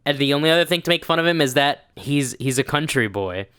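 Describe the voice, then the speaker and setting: Male podcast voice, crisp and dry, sarcastic, argues his case. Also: fairly high pitch, expressive, fast, fairly bright tone, no echo. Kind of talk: casual podcast chat.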